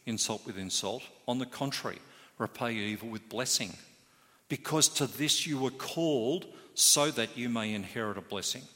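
A man's voice: mid-range voice, bright, forceful tone. A man preaching a sermon as pastor, earnest and emphatic, stressing key words. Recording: hall reverb.

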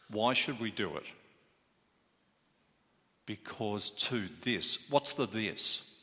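A man's voice: on the low side, lively intonation, takes it slowly, long pauses, sharp tone. A man preaching a sermon as pastor, earnest and emphatic, stressing key words. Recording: hall reverb.

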